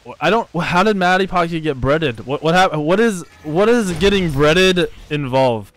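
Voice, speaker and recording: A young man streaming a game live, commenting excitedly, swearing, trash-talking and thanking viewers from chat. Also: on the high side, normal speed, no room sound, faint music behind. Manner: reads out chat and thanks donors.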